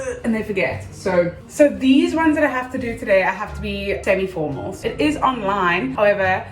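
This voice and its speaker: A young woman from South Africa, a vlogger and actor, chatting casually in a rambling, animated way in a room at home. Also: on the high side, echoey room, low-quality recording. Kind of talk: casual vlog chat.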